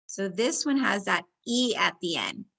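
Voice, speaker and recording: A woman teacher, slowly leading young children through a phonics lesson, sounding out words and giving warm encouragement. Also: mid-range voice, animated, vocal fry.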